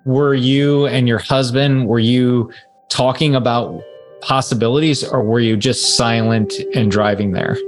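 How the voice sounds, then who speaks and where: Calm male podcast interviewer. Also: medium pitch, unhurried, music in the background. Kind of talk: interview questions.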